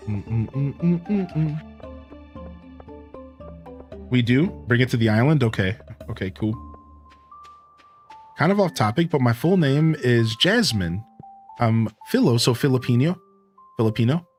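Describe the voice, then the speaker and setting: A man's voice: mid-range voice, expressive, normal speed, faint music behind. A man streaming a game live, chatting casually and answering viewers' comments as he plays. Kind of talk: casual live-stream chat while gaming.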